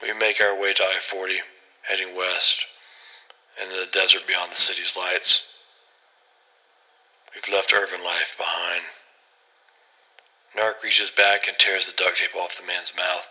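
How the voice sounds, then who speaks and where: A man's voice: low-pitched, level tone, a little slow, pauses often, bright, forceful tone, poor audio. A man narrating a horror story in a grim, terse first-person voice.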